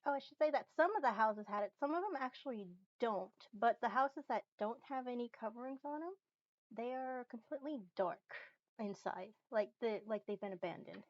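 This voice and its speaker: A woman's voice: on the high side, expressive, brisk, no echo, dull audio. A woman running a tabletop game as game master, hesitant with many fillers and restarts.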